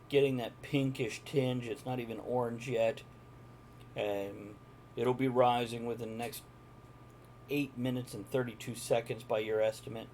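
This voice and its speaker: Man, game master, live-streamed tabletop game, jokey chatty narration, medium pitch, light background noise. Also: darkish tone. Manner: chatty, jokey, talks to viewers in between.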